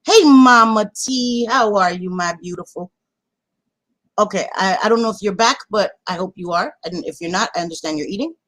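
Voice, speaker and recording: Animated woman hosting a casual livestream. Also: fairly low pitch, fairly quick. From Latina. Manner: animated, swearing, affectionate nicknames. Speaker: livestream host. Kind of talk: casual livestream chat greeting viewers.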